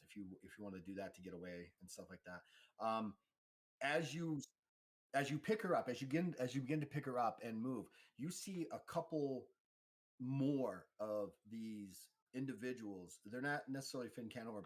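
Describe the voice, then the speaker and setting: A man narrating a tabletop role-playing game as game master, talking in a loose, halting way with many fillers. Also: lowish voice.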